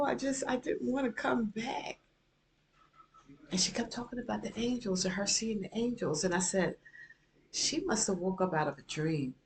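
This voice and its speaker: Middle-aged woman, low-pitched, casual home vlogger, rambling and repetitive, faint background hiss. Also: a little mellow. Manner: rambling, repeats herself, many "you know"s. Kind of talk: casual chat to viewers. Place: home kitchen.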